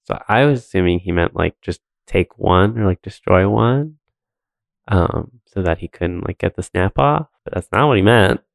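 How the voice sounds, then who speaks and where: A man's voice: low-pitched, normal speed, gravelly, no room sound. A man co-hosting a podcast, recapping a film in rambling casual chat full of fillers and laughs. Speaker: podcast co-host.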